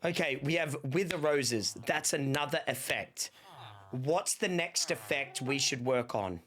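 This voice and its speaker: A man's voice: mid-range voice, expressive, measured pace, a bit bright. A young man streaming a game, out of breath, rambling and joking as he talks to his chat. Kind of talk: casual gaming stream chat.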